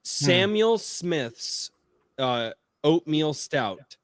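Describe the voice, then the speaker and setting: A man hosting a podcast in casual chat, telling stories in an excitable, profane way. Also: a little high, very slow, dry recording, studio quality. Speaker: podcast host.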